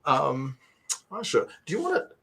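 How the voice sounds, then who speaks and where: With a slightly high, creaky voice that swings hugely in pitch, a man hosts a casual online interview show at a moderate pace, with background noise on his video call. He isn't a native English speaker, and he rambles and jokes at his own expense.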